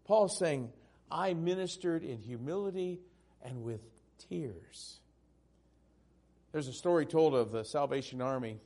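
A male pastor preaching a sermon, swinging from loud, emphatic peaks down to hushed, tender passages. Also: on the high side, a little slow.

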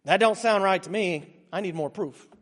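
A man's voice: high-pitched, normal speed, in a large hall. A man playing a skeptical adult male disciple, dismissive and questioning as he brushes off reports.

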